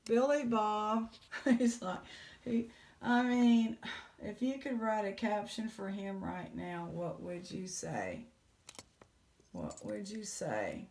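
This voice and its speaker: A woman, casually chatting in a jewelry vlog, excited and exclaiming in shock. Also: mid-range voice, takes it slowly. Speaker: jewelry unboxing vlogger.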